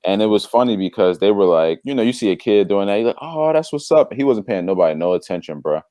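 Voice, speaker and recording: A man in casual conversation telling a story, animated and slangy, acting out the voices of the people in it. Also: low voice, quick pace, dry recording, clean studio sound. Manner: slangy, drops "bro". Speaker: devotional podcast co-host.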